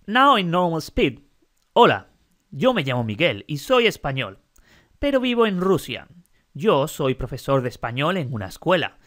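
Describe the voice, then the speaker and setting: A man teaching Spanish in an online lesson, reading a short text slowly and patiently explaining the grammar. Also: on the high side, sing-song, a bit bright.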